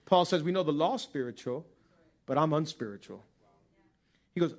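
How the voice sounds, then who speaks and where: A high-pitched man preaching with big swings in volume, dropping to a near-murmur and then climbing to loud, pleading peaks. He voices scripture as if it were his own confession. His delivery is lively and heartfelt. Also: normal speed. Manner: acts out scripture in first person. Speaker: pastor. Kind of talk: sermon.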